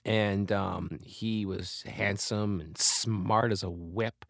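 A man in his fifties, a comedian and author, talks candidly and reflectively as an interview guest, now and then breaking into lively bursts of laughter. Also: lowish voice, takes it slowly, vocal fry, no echo, clean studio sound. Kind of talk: conversational interview.

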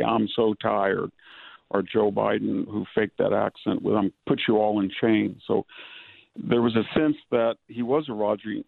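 Older man, low voice, heavy fry, tinny phone audio, measured analytical manner. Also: no echo. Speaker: guest, historian and author. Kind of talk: political interview. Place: rural California. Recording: dry phone-line audio.

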